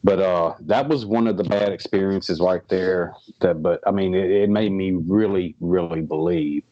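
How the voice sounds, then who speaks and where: A man, a paranormal investigator, telling his stories in a rambling, halting way with many restarts, as a guest on a casual interview show. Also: low-pitched, steady tone, dark tone, dull audio.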